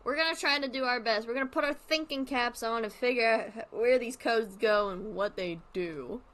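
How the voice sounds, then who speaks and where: A woman's voice: on the high side, moderate pace. Rambling woman streamer thinking aloud. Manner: rambling, thinking out loud with many fillers. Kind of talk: casual commentary while playing.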